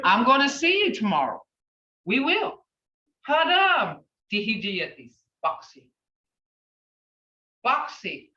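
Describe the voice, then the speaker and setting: Woman language teacher, slow and patient, repeats words, heard distant over a computer mic. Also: mid-range voice, pushed and bright. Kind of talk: online language class. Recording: roomy, distant, dull lo-fi sound.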